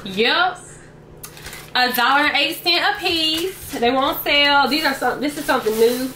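A young woman chats to her viewers into a camera mic at home. She keeps calling them y'all, and her voice is bright and crisp. Her pitch sits a touch above the usual. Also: moderate pace, slight background noise. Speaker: vlogger. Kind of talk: casual grocery haul chat. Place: at home, indoors.

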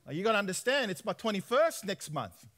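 A man tells his testimony from the pulpit, his fairly high voice swinging between loud acted-out dialogue and quiet reflection. He talks in an animated storytelling way. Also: fairly quick. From Australia. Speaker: preacher. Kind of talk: testimony sermon.

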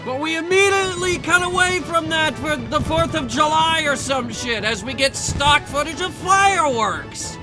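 A man giving a sarcastic, comedic movie review, mocking and exasperated, swearing and now and then shouting in outrage. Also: very high voice, moderate pace, hardly any pauses, music in the background.

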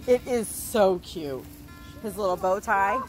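A woman's voice: medium pitch, animated, unhurried, soft background music, rough recording. A woman filming her dog in a yard, cooing and gushing over a puppy and laughing often. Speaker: dog owner vlogger. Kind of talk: casual home video chat. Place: outdoors in a yard.

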